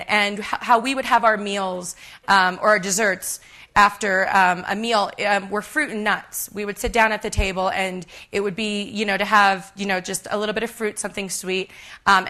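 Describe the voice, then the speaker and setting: A woman's voice: medium pitch, bright, forceful tone. A woman in her thirties giving a live cooking demonstration on a conference stage, chatty and self-deprecating with many ums. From United States.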